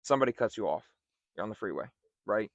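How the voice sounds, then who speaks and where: A man's voice: fairly low pitch, animated, fast, no room sound, highs cut off. A young man co-hosting a podcast, reflecting earnestly in casual chat. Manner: earnest, reflective, with many fillers. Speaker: podcast co-host.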